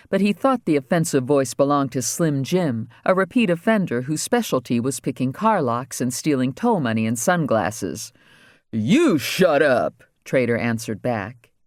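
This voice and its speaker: A man reading a crime novel aloud as audiobook narrator, wry and steady. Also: mid-range voice, no echo, clean studio sound. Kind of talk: scripted narration.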